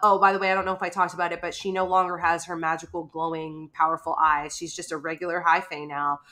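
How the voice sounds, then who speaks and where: A woman co-hosts a casual book podcast, chatting in a lively way and slipping into quoted voices. Her tone is bright and forward. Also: lowish voice, quick pace. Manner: chatty, animated, acts out quotes. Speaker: podcast co-host.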